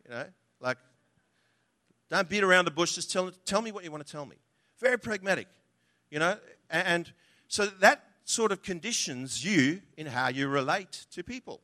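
Man, preacher, sermon, conversational, humorous, bright tone. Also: high-pitched, lively intonation, normal speed. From from outside Australia. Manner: conversational, humorous, asks the audience questions.

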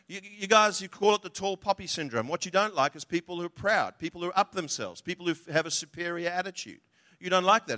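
Male preacher, bright and somewhat high voice, chatty and joking with the crowd. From from outside Australia. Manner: conversational, humorous, asks the audience questions. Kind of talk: sermon.

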